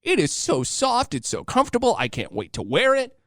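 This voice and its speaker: A giddy young wife gushing in a high, squealing voice, as a man puts her on in his story. The voice sits far above a man's natural range, and every word tumbles out in breathless delight. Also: wildly swooping pitch, a little fast, dry recording, studio quality, heavily acted. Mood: thrilled.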